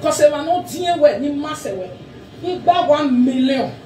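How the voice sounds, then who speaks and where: High-voiced woman, far from mic. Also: expressive, a little slow, mellow. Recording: far off mic, echoey room with faint noise.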